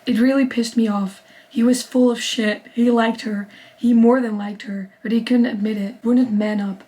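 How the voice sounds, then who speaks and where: A young woman vlogger reading a novel aloud in steady first-person narration, breaking off into excited reactions. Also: a little high, moderate pace, poor audio. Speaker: book vlogger.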